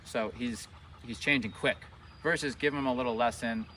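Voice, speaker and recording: A man working as a dog trainer, explaining his methods in a relaxed way outdoors and often checking in with "right?". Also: medium pitch, normal speed. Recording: distant mic outdoors, faint background noise.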